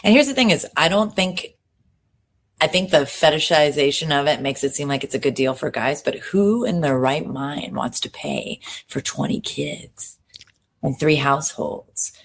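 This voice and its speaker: Woman, very deep voice, animated casual podcast recap, swears freely. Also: slight background noise. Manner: animated, swearing, quick asides. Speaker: podcast co-host. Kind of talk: casual pop culture recap.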